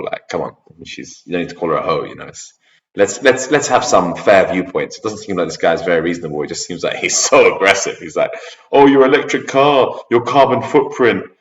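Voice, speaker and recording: A man hosting a reaction video, giving hesitant, measured commentary. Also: low-pitched. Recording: echoey, distant, dull sound.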